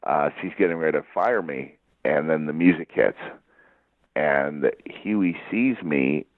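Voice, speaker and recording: Man, very low voice, gravelly, dry tinny line, rambling storyteller. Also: measured pace, no room sound. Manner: rambling storyteller with frequent laughs. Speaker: guest. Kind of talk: casual interview chat.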